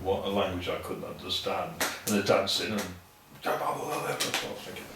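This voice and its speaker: A man tells easygoing stories in a low voice, swears freely, and acts out other people's lines. He sits well back from the mic in a very echoey room. A little background noise hangs under him. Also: animated, normal speed, recorded from a distance. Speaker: guest saxophonist. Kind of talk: casual anecdotal storytelling.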